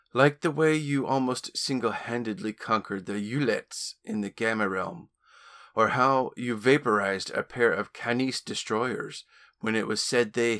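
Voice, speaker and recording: A man's voice: medium pitch, fairly bright tone. A man voicing a small, sly alien lord who speaks in a grandiose, sneering way.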